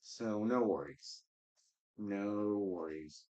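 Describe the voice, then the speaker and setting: A man hosting a relaxed livestream, talking at an unhurried, drawn-out pace. His voice sits low, and he rambles easily as he greets viewers and reads their comments aloud. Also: dull audio. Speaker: livestream host reading scripture. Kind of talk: casual livestream chat with viewers.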